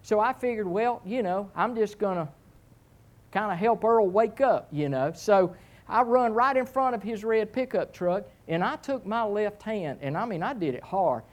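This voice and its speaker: Animated storytelling male preacher. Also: moderate pace. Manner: animated storytelling with swings in pitch; self-mocking humor. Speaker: pastor. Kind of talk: sermon.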